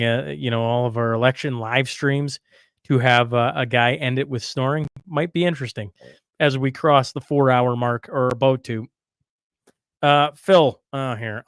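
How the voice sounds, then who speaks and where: Livestream host, male, smooth and resonant, loose rambling delivery, dry close mic. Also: medium pitch, dry recording. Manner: rambling, talks to chat and guests, frequent restarts. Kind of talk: casual livestream chat.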